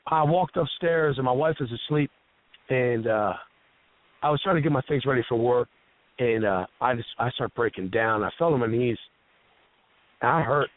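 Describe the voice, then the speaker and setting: A man's voice: mid-range voice, normal speed, long pauses, phone-quality sound. A man hosting casual radio talk, telling stories in an earnest, emotional, heartfelt way. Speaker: host.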